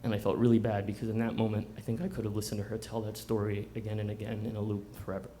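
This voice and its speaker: A man's voice: lowish voice, flat delivery, very fast, very noisy. Man telling a self-mocking story live. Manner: conversational and self-mocking, breaks into laughter. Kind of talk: live first-person storytelling. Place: bookstore event before a live audience.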